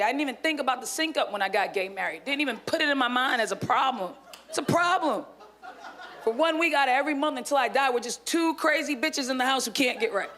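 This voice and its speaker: A woman's voice: sits high, fairly bright tone. A woman in her thirties doing a stand-up set on a club stage, with brash, crude and profane punchlines. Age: 30s. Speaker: stand-up comedian.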